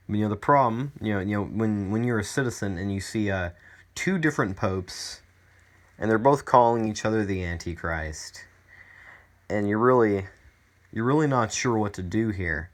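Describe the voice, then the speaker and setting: Dude with a really low voice, casually rambling thru a summary, lots of ums. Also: male voice, expressive, moderate pace. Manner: rambling, irreverent, many fillers. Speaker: student.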